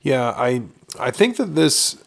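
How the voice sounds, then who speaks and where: A man co-hosting a podcast in a casual chat, agreeable and quick with short replies of agreement, laughing easily. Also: mid-range voice, sing-song, gravelly. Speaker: podcast co-host.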